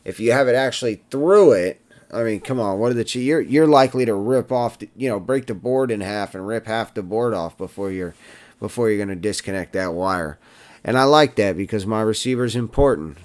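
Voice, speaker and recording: A man's voice: on the low side, a little fast, a little mellow. A man hosting a casual drone-building tutorial, chatting to viewers and muttering to himself as he solders.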